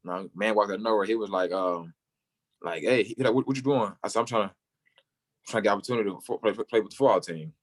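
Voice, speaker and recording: A young football player tells his story quickly in an interview. He acts out the people he quotes, sometimes leaping far up in pitch to voice them.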